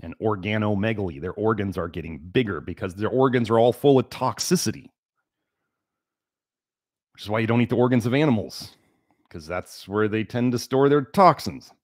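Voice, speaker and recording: A man's voice: fairly low pitch, normal speed, no room sound, clean studio sound. A man hosting a health livestream, lecturing emphatically and repeating key words for stress. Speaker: livestream host.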